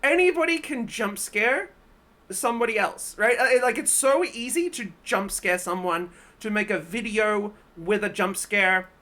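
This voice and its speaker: A woman streamer giving casual reaction commentary in an animated way, laughing often and ranting in exasperation. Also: mid-range voice, a little slow.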